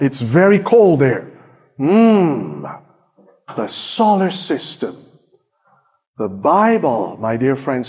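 A male preacher with a high voice delivers a sermon in an unhurried, drawn-out way. He keeps asking his listeners questions. He swings between ringing exclamations and hushed, low asides. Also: breathy edge. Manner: emphatic, asks the congregation many rhetorical questions. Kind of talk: sermon with slides.

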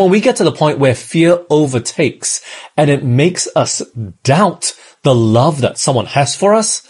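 A man's voice: mid-range voice, a little mellow, slightly rough. A man from Australia preaching a sermon in a conversational way, often asking the listeners questions.

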